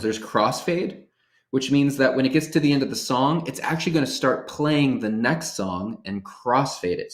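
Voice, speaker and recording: A man's voice: medium pitch, fairly bright tone. Upbeat man explaining in a roomy space. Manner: upbeat and casual, explaining step by step. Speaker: workshop presenter. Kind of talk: software tutorial demonstration.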